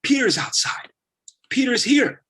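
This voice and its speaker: A man doing an excited, squealing young servant girl. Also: a little slow, slightly rough, exaggerated voice. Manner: high squealing excited cries.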